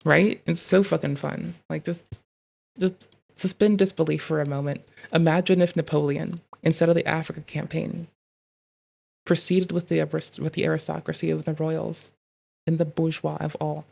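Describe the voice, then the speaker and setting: A streamer giving casual reaction commentary, rambling and swearing while thinking out loud in riffs, talking into a desk mic at home. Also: mid-range voice, level tone, normal speed, creaky.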